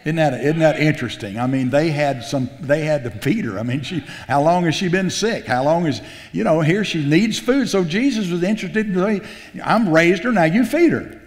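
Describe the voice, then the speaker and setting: A pastor preaching a sermon, telling the story in a folksy, animated way, acting out the quotes and often restarting his sentences. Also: fairly high pitch, brisk, hardly any pauses. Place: church sanctuary. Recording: long hall reverb.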